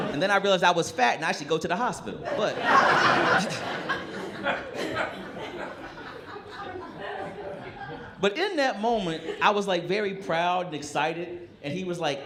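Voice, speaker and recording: A man performing a stand-up comedy set on a club stage, telling stories with animated energy and slipping into brash rants. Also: sits high, slow, pauses often, crowd noise. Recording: echoey club room with audience noise.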